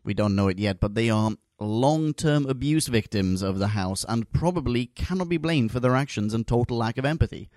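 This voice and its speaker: A man's voice: medium pitch, normal speed, hardly any pauses, dry recording, clean studio sound. A man co-hosting a podcast, reading listener reviews aloud in a jokey, giggly way. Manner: jokey, giggly, reads listener mail in a lively voice.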